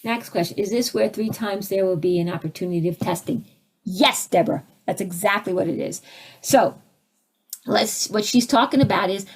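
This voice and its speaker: Animated woman spiritual teacher. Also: mid-range voice, slightly rough. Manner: animated, acts out little scenes with sudden swings in voice. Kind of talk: spiritual teaching talk, answering audience questions.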